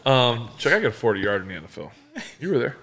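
A man's voice: mid-range voice, sing-song, rapid-fire, a bit bright. A man hosting a casual sports chat at a bar, telling stories with lots of laughter and filler words. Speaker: podcast host, former quarterback.

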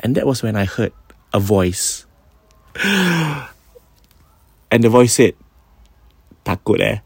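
A man with a Singaporean accent retelling ghost stories casually as a podcast host, animated and mixing in Malay phrases. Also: lowish voice, normal speed, dry recording.

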